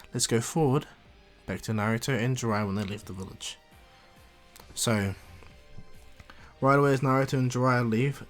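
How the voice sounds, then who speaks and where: A man casually retelling an anime crossover fan story, rambling and correcting himself as he goes. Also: mid-range voice.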